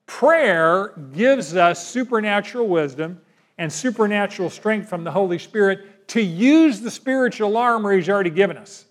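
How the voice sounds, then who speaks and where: Preacher guy, kinda high voice, chatty folksy sermon style. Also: expressive, normal speed. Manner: folksy, conversational preaching with acted asides. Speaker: pastor.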